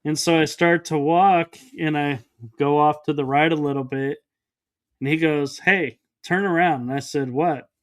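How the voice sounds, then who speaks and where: A man's voice: a little high, steady tone, measured pace. A man, a podcast guest, recounting a personal experience in an interview and acting out the dialogue. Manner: storytelling that acts out quoted dialogue.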